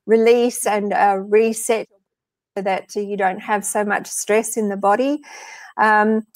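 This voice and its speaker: A woman's voice: medium pitch, fairly even intonation, slow pace, no room sound. Aussie woman on a live video call, stop-start, loads of uh and um, dry close sound. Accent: Australian. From Australia. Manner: hesitant, many fillers and restarts. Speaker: guest sound healer. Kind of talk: live video chat interview.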